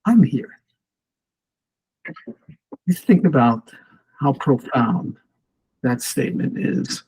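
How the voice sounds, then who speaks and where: A man's voice: medium pitch, takes it slowly, darkish tone, slightly rough, low-quality recording. A man talking as a podcast guest, telling reflective stories in an earnest, conversational way. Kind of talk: storytelling in casual conversation.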